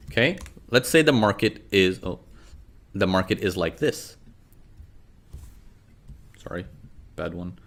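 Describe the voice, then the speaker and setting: A man teaching a trading lesson over a chart, repeating his questions and acting out traders' worries. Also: lowish voice. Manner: repeats questions, acts out traders' inner voices. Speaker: trading instructor. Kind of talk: screen-share trading lesson.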